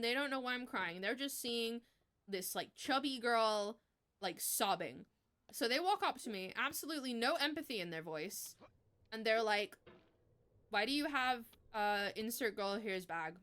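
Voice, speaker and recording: A woman in her twenties, her voice a little high, tells a story during a casual live stream. She's animated, swears freely, and laughs as she goes.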